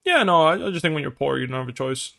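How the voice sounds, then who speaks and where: A man's voice: on the high side, expressive, quick pace, vocal fry, bright, forceful tone. A man coaching a player through a game review in casual talk, blunt and swearing a lot, acting out little scenes.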